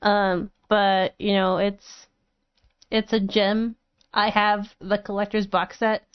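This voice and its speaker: A woman's voice: medium pitch, level tone, takes it slowly, smooth, no echo. A woman gushing in casual chat, swearing freely and restarting her sentences. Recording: dull lo-fi, dry sound.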